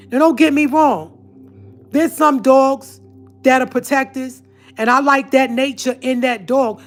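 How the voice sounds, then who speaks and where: A woman telling a personal story to her viewers, speaking in an earnest, emphatic way. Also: on the high side. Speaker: vlogger.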